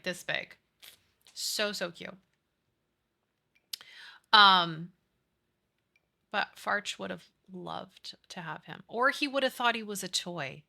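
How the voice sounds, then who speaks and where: A woman streamer in casual live-stream chat as she plays, gushing over whatever she sees. Her voice is very bright and sharp, with sudden gasps and cutesy baby talk. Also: fairly low pitch, creaky. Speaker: game streamer.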